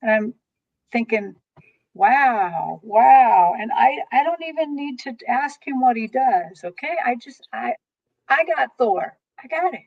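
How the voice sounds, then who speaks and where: A woman reader telling an animated story in casual chat, with quick exclamations. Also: sits high, phone-quality sound. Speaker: tarot reader guest.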